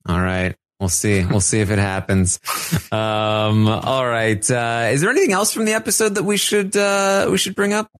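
A man co-hosting a podcast in casual chat, relaxed and hesitant, with many fillers. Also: medium pitch, moderate pace, dry recording. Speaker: podcast co-host.

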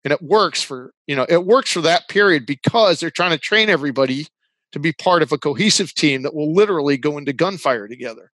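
A man's voice: fairly high pitch, expressive, fairly quick, fairly bright tone, dry recording. A man guesting on a podcast as a business consultant, explaining his views earnestly in casual interview talk, with a dry sarcastic streak. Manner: earnest, sarcastic at times, laughs while explaining.

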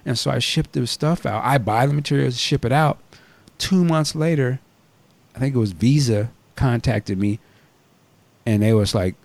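A man's voice: mid-range voice, moderate pace, creaky, a little mellow, no echo. A man hosting a podcast, telling a story in a blunt, profane, casual way. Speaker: podcast host.

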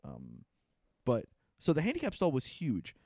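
Man, comedian, podcast co-host, casual profane storytelling, lively swinging pitch, dry close sound. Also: a little slow, no room sound.

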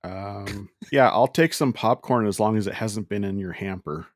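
A man co-hosting a casual movie podcast, relaxed and rambling as he steers the talk. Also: fairly low pitch, moderate pace, dry recording. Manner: relaxed, rambling, leads the discussion. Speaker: podcast co-host. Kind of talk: casual chat.

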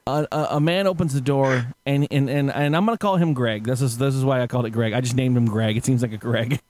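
A man talks fast in a medium pitch, with no room sound, as he tells a story during a casual podcast chat. He's animated and laughs a lot, loudly acting out the people he quotes.

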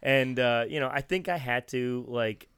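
A man's voice: medium pitch, normal speed, a bit bright, clear, resonant tone, dry recording, studio quality. A middle-aged man telling a long rambling anecdote in casual chat, often restarting and laughing.

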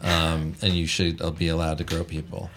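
A man's voice: sits low, monotone, moderate pace, crowd noise. A man co-hosting a casual political chat, blunt and profane.

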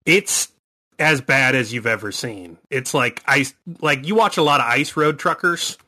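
A man's voice: mid-range voice, animated, a little slow, sharp tone. A man narrating a tabletop horror game as game master, with rambling, hesitant descriptions.

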